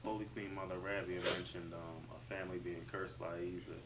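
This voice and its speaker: Man, very deep voice, flat tone, hesitant questioner, far from mic, loud background noise. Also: brisk. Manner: hesitant, deferential. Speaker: interviewer asking questions.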